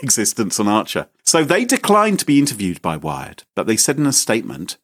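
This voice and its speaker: A man's voice: on the low side, wildly swooping pitch, fairly quick, fairly bright tone, husky, no echo. A man hosting a podcast in casual chat, with dry, sarcastic humor. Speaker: podcast host.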